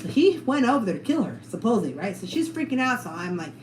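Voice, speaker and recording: A woman's voice: medium pitch, big pitch swings, fast, darkish tone. A woman telling stories in casual chat, acting out the voices of the people in them and swearing freely. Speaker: storyteller on a podcast. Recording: roomy room with background noise.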